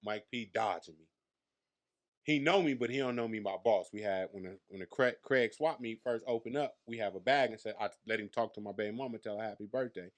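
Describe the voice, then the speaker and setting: In a relaxed interview, a Las Vegas-born comedian in his thirties boasts through profane, brash tales. He talks a little fast with a fairly low pitch.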